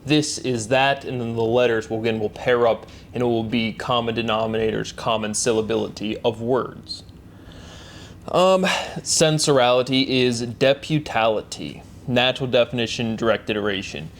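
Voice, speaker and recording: Man, solo host, mid-pitched voice, repetitive rhetorical questions, faint background hiss. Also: normal speed. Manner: repetitive, chanting rhetorical questions and set phrases. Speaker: host of a solo word-derivation series. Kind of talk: solo spoken monologue.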